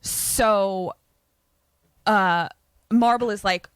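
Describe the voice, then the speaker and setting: A woman podcast co-host casually retelling a horror film plot, animated and swearing freely. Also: medium pitch, unhurried, dry recording. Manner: animated, swearing, lots of fillers.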